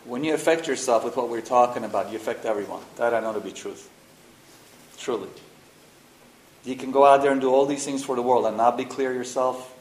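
A spiritual teacher leads a workshop in an echoey room, and his medium-pitched voice runs a little fast. He talks frankly and with real animation, mixing slang and swearing into casual workshop talk. The recording has a roomy echo and faint noise.

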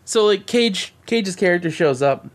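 A podcast co-host, a man with a high-pitched voice, chats casually and excitedly about a movie at a moderate pace. He swears and rambles, restarting his sentences again and again.

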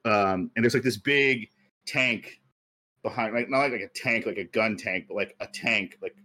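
A man hosting a podcast, pitching a story in casual chat, rambling and laughing at himself. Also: moderate pace, bright, forceful tone. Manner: rambling, many fillers and self-amused laughs. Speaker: podcast host pitching a movie idea.

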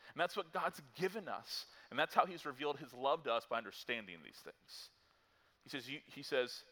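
A man preaching a sermon as pastor to his church, talking in a conversational way with self-deprecating asides, and rising loud and high when he reads scripture lists. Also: lively intonation, normal speed.

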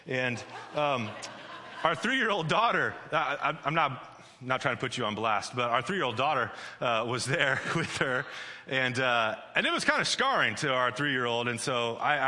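A man's voice: medium pitch, pushed and bright. A man preaching a sermon as pastor in a chatty, joking way, often restarting his sentences. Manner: conversational and joking, with frequent restarts and "like". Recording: long hall reverb.

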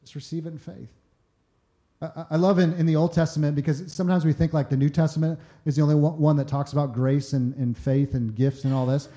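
A man's voice: fairly high pitch, little pitch movement, fast talker, dark tone. A man preaching a conversational sermon, often acting out quoted voices and repeating words as he starts sentences. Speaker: pastor.

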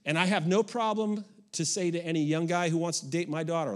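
A man's voice: fairly high pitch, steady tone, fairly quick, hardly any pauses. A middle-aged man preaching a sermon, in a folksy, emphatic way. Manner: folksy and emphatic, with rising and falling intensity. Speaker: pastor.

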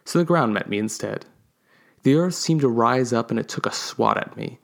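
A man reading his own comic story aloud and giving the characters quick voices. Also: medium pitch, lively intonation, gravelly. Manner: playful, switches voices for quoted characters.

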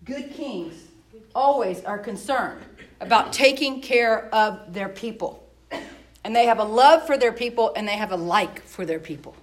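A woman's voice: fairly high pitch, animated, normal speed, poor audio. A woman leading a Bible study class in a conversational way, spelling words out and restarting her sentences. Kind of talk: casual teaching talk.

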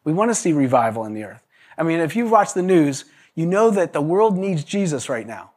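A man's voice: a little high, a little fast. A man preaching a sermon, telling stories with lots of restarts and acting out the people he quotes. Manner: animated storyteller, acts out quoted voices, laughs often, many restarts. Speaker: pastor. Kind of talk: sermon with storytelling.

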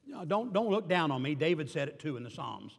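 An older man preaching a sermon as pastor, swinging between emphatic declarations and quiet asides with dry humor. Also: fairly high pitch, very animated, fast, creaky, slightly rough. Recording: reverberant hall.

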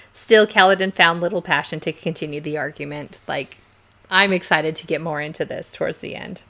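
A woman co-hosting a podcast, chatting casually about a book and retelling scenes with excited, acted-out quotes. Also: low-pitched, a little fast. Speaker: podcast co-host.

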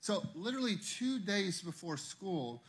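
A pastor preaching a sermon, telling a personal story in a conversational way and then building to loud, emphatic preaching. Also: male voice, sits high, sing-song, a little slow, slightly rough.

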